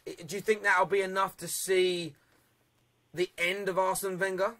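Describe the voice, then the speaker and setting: A man hosting a live football phone-in, chatty and upbeat, quick to laugh with callers. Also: high-pitched, level tone, pushed and bright. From England. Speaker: phone-in show host.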